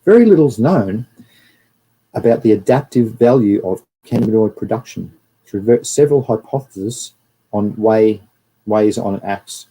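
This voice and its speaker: A man's voice: fairly low pitch, expressive, moderate pace, warm tone, breathy edge, low-quality recording. An Australian man hosting a livestream and giving a casual, rambling talk over slides while greeting viewers. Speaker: livestream host.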